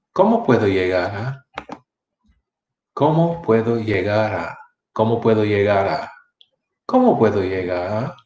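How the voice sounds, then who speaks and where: A man teaching a Spanish lesson, speaking slowly and enunciating clearly, repeating phrases over and over. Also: lowish voice, reverberant. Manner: slow, deliberate enunciation with many repetitions. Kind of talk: online language lesson.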